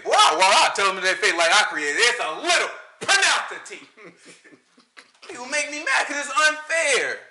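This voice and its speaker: A man with a Southern country accent leads an informal Sabbath teaching with a high, very bright and sharp voice. He swings up and down in pitch, tosses out rhetorical questions and laughs often. The sound is roomy and echoey. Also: very animated, normal speed, a little hiss or hum. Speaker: Bible study teacher. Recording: echoey room.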